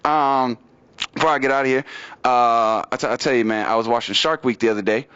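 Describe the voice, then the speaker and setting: A young man doing open-mic stand-up comedy, casually telling stories, repeating "you know what I mean", with big pitch swings on punchlines. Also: brisk, a bit bright, smooth. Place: small venue at an open mic, in front of an audience. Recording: muffled lo-fi live recording.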